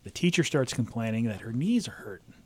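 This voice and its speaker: A man's voice: medium pitch, big pitch swings, brisk, husky. Laid-back man telling weather stories. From Southern California. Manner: laid-back storyteller, chuckles often. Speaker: podcast co-host, meteorologist. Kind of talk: casual podcast chat.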